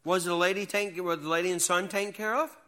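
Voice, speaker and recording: A man teaching a Bible lesson to young people, reading scripture slowly and quizzing the class. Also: sits high, steady tone, bright, forceful tone, smooth.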